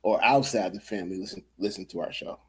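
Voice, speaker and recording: Husky man teasing his podcast co-host. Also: low-pitched, quick pace. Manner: teasing, joking, swears freely. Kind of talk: casual podcast banter.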